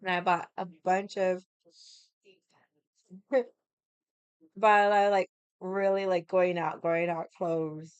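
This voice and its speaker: A woman with a raspy voice from losing it, telling a casual story with lots of fillers, acted quotes and loud laughs. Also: on the low side, flat delivery, slow pace, pauses often, no echo, muffled recording. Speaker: vlogger.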